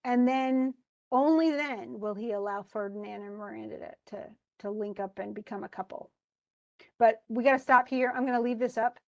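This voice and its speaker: A woman's voice: on the high side, normal speed, vocal fry, no room sound, highs cut off. A woman teacher casually explaining a play, chatty, restarting often and paraphrasing in slang.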